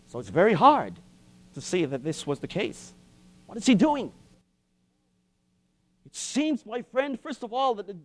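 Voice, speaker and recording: A man preaching a sermon in an impassioned way, with dramatic pauses and repetition. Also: high voice, fairly bright tone, no echo.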